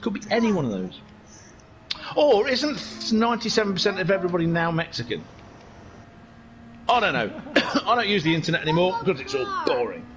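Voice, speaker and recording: A man's voice: sits high, big pitch swings, brisk, long pauses, dull audio, music in the background. A man commentating on a sim race stream in a casual way, rambling from joke to joke with plenty of swearing. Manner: rambling, joking and sweary banter.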